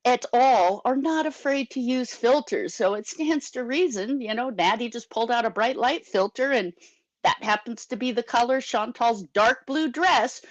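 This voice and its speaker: Woman, higher voice, opinionated chatter, dry close sound, video call. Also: moderate pace, no echo, muffled recording. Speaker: panelist. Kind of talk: casual commentary chat.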